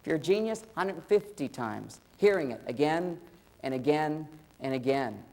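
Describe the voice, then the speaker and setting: A man's voice: on the high side, normal speed, gravelly. A middle-aged man giving a humorous seminar talk on relationships, speaking conversationally to his listeners. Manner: animated, acts out spouses' lines in quoted voices; conversational, addresses listeners directly. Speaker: relationship lecturer.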